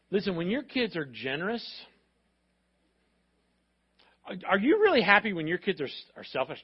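A man preaching a sermon to his congregation. He talks in a lively, animated way and acts out voices of parents and of God. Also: high-pitched, normal speed, pauses often, slightly rough, dull audio. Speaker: pastor.

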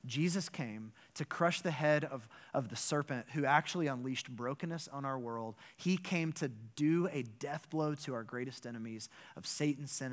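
A man, a pastor, delivering a sermon with animated, emphatic storytelling and rhetorical questions. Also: a little high.

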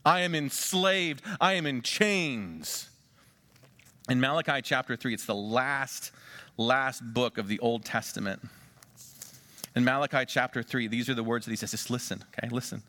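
Middle-aged male pastor, bright and sharp tone, conversational sermon delivery heavy on rhetorical questions. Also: mid-range voice, steady tone, moderate pace. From Western Pennsylvania.

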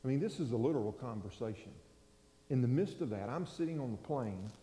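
A man preaching a sermon as pastor, telling a story in a folksy, conversational way that swings from loud to quiet. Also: mid-range voice, lively intonation, fairly quick. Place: large church hall. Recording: echoey hall, long reverb.

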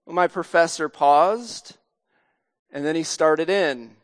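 A man's voice: fairly high pitch, slow. A man, a pastor, preaching a sermon in a conversational storytelling way. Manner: storytelling, sings snatches of a jingle. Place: church sanctuary. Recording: long church hall reverb.

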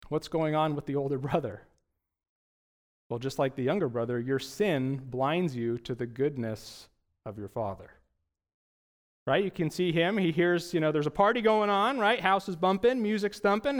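A man's voice: fairly high pitch, lively intonation, moderate pace. A young adult male pastor preaching a sermon in a conversational way, often asking rhetorical questions.

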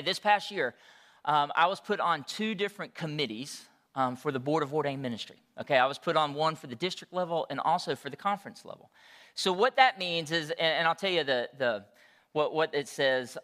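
A man's voice: sits high, sharp tone, in a large hall. A man, preaching a sermon in a conversational, storytelling way. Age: 40s. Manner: conversational, storytelling with frequent check-ins. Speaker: pastor.

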